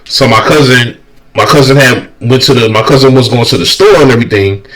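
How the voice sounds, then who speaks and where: A man co-hosting a podcast in casual chat, a lively storyteller who keeps checking in with "right?". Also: mid-range voice, brisk, distant mic, rough recording. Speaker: podcast co-host.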